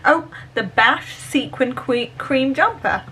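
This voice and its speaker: A woman's voice: sits high, animated, slow pace, pushed and bright, a little hiss or hum, rough recording. Chatty, giggly woman vlogging at home. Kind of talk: casual vlog chat. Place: at home indoors.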